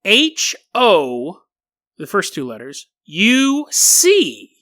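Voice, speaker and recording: A man hosting a comedic podcast monologue, talking in an animated, mocking way and laughing often as he reads. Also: high-pitched, extremely slow. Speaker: podcast host.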